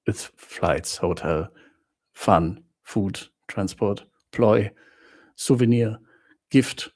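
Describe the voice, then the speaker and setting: A man's voice: fairly low pitch, extremely slow, darkish tone. A man hosting a travel live stream, chatting with viewers in simple non-native English, greeting them by name and laughing often. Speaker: travel channel host.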